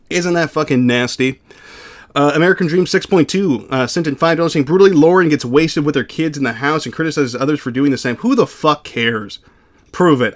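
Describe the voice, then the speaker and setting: A young adult man reading out viewer donations on a livestream in a casual, blunt, profane way. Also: a little high.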